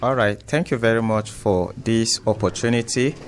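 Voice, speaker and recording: A man, a community leader speaking as a studio guest in a formal, measured way. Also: medium pitch, slight background noise. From Nigeria. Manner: formal, measured account of events.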